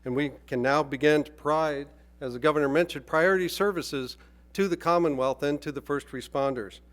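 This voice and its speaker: A man giving a formal, measured speech at a press event, with a few hesitations. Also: fairly high pitch, a bit bright. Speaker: executive speaking at a press event. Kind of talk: public speech at a podium.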